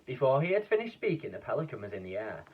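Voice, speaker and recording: A man reading a children's book aloud in a lively, expressive way, with a few slips and restarts. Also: medium pitch, quick pace, breathy edge. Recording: dull, distant lo-fi recording.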